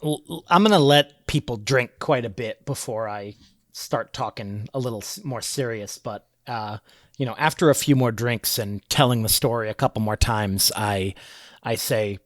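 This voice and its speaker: A man's voice: mid-range voice, normal speed, dry recording, clean studio sound. Man playing a tabletop game. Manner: stammering restarts. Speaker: player.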